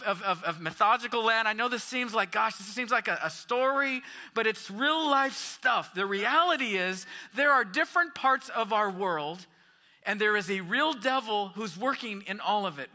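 A man's voice: high voice, lively intonation, normal speed, pushed and bright. A man pastor preaching a sermon, reading scripture and asking questions of the congregation with emphatic rises and falls.

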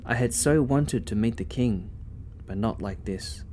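A man's voice: medium pitch, unhurried, dark tone, a little hiss or hum, close to an everyday voice. Storybook hero, restless and foolish, pleading and lamenting, as a male narrator voices him. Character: restless foolish long-bearded young man Piram.

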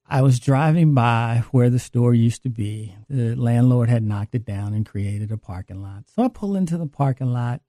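A man's voice: medium pitch, expressive, moderate pace, hardly any pauses, dark tone, no room sound, clean studio sound. A man earnestly telling a personal faith testimony about his recovery. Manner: earnest, confessional storytelling. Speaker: guest sharing a recovery testimony.

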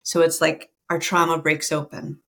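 Lowish-voiced woman interviewing as coach, mirrors feelings back, empathetic. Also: little pitch movement, moderate pace, creaky.

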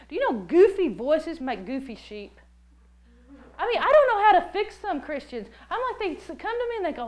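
A woman preaching a sermon, telling stories in an animated, jokey way and acting out the voices she quotes. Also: high-pitched, brisk, poor audio. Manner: jokey, laughs often.

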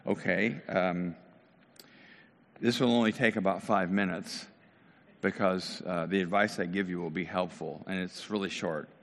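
A man voicing a calm, deadpan male TV therapist who talks in a dry, matter-of-fact way. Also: deep voice, measured pace, vocal fry, long reverb tail, pitched below the performer's own voice.

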